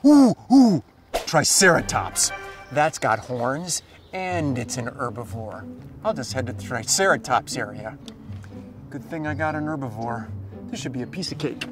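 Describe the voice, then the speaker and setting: A man playing a park ranger in a kids' dinosaur adventure video, talking in a playful, excitable way and exclaiming dinosaur names. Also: mid-range voice, moderate pace. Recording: music playing behind.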